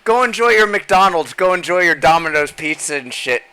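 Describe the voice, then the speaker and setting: A man's voice: a little high, animated, moderate pace, bright, forceful tone, clean tone. A man in casual stream banter, teasing in a mock-serious way with stammering restarts.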